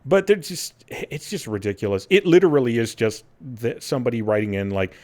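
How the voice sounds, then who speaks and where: Animated man chatting on a gaming podcast. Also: mid-range voice, fairly quick. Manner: animated, laughs often, acts out quotes in silly voices. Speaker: podcast host. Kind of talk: casual chat.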